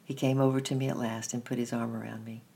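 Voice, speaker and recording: A man reading a children's story aloud in a steady, measured first-person narration. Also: medium pitch, vocal fry, breathy edge.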